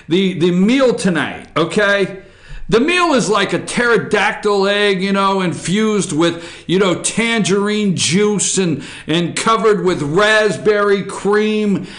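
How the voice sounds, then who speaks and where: A man hosts a casual morning talk show, his voice sitting a little high. He rambles and wisecracks with an irreverent, offhand manner from a studio desk. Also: a bit bright, reverberant. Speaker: opinion show host.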